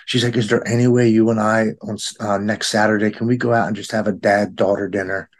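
A man's voice: on the low side, flat delivery, fast. A man in his forties telling a heartfelt story in casual conversation, acting out the people he quotes with a raised voice. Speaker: guest in recovery.

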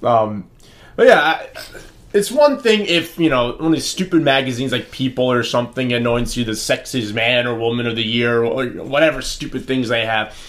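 A man co-hosting a political talk podcast, making opinionated points in a deliberate, lecturing way. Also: mid-range voice, a bit bright. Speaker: podcast co-host.

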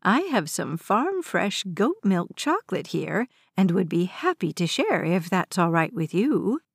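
A woman voicing a calm, confident white-haired old woman who speaks in a gentle, friendly way. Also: on the low side, a little slow, husky, no room sound, studio quality, exaggerated voice. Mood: kindly.

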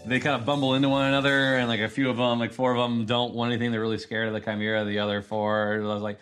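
A man narrating as game master in a tabletop game, relaxed and halting, with many fillers. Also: medium pitch, faint music behind.

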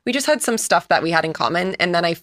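Woman, lively pitch, quick pace, storyteller, casual chat. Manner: animated, storytelling, warm about people.

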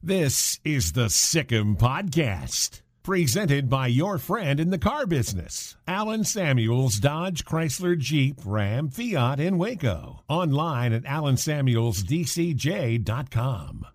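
A man's voice: medium pitch, big pitch swings, slow, few pauses, no echo. A man announcing a sports podcast and reading sponsor spots with a polished delivery. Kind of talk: scripted announcement and ad read.

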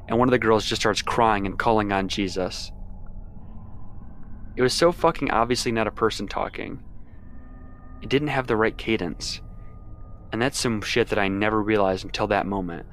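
A man's voice: fairly low pitch, a bit bright, a little hiss or hum. A young man narrating a first-person horror story in a casual, heavily profane way.

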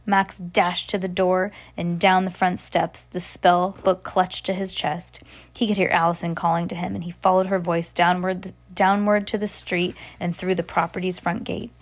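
A woman reading a novel aloud, narrating at a steady pace with occasional slips and restarts. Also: on the low side, moderate pace. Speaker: reader.

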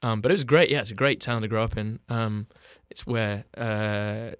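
A man's voice: fairly low pitch, steady tone, moderate pace, fairly bright tone, clean tone, no room sound, clean studio sound. A man, chatting as a guest in an interview, talking with lots of restarts and a self-deprecating manner. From England, Bath. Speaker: actor guest. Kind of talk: casual interview chat.

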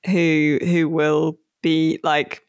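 A podcast co-host chatting casually about a game, rambling with many fillers and slowing down on key words. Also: mid-range voice, flat delivery, smooth, dry recording.

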